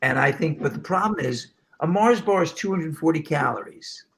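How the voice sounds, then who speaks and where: A middle-aged man from New York hosting a show, telling stories in an animated casual way. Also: fairly high pitch, moderate pace, gravelly. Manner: animated storyteller, slips into voices. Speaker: show host. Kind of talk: casual storytelling chat.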